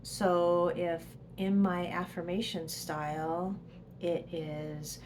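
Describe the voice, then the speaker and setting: A woman psychologist and presenter gives a casual educational talk to camera, speaking slowly in a fairly low, slightly mellow, flat voice with a little hiss or hum. She explains with examples and drops to a whisper for the inner voice.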